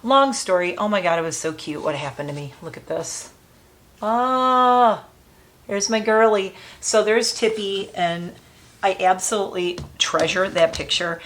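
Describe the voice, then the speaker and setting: Chatty, sentimental woman vlogger, lower voice. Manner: chatty, emotional, sentimental asides. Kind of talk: casual chat.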